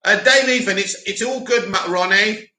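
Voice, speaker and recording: Male stream host, high bright voice, roomy echo, talks fast and opinionated. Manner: animated, opinionated, rambling. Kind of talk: casual live chat reading.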